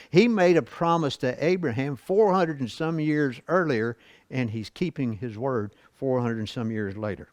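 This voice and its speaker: A man's voice: mid-range voice, normal speed, darkish tone, no room sound. A man teaching a church Bible lesson, reading scripture and explaining it in a folksy, conversational way with rhetorical questions and chuckles. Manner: asks the class rhetorical questions.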